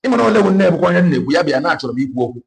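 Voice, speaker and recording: A man's voice: a little high, very animated, rapid-fire, gravelly. A man with a Nigerian Igbo accent giving an impassioned political monologue, moving between Igbo and English with emphatic repetition. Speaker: online political commentator.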